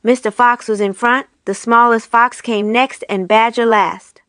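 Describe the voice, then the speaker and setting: A woman's voice: fairly high pitch, steady tone, a little slow, a bit bright, clean tone, no room sound. Woman reading a children's story aloud. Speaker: reader.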